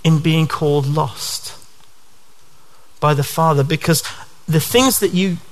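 A man's voice: on the high side, slow. A male preacher giving a sermon to his church in an earnest way, often posing rhetorical questions.

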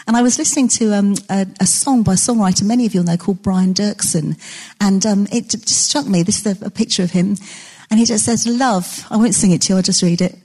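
A woman's voice: mid-range voice, dark tone, slightly rough. A woman preaching a sermon in a conversational, self-deprecating way, telling stories to her congregation.

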